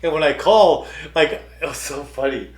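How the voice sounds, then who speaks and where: A man's voice: on the high side, normal speed. A man co-hosting a casual podcast, telling rambling stories full of "like" and "dude". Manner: rambling storyteller, lots of "like" and "dude". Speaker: podcast co-host. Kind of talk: casual chat. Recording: roomy echo.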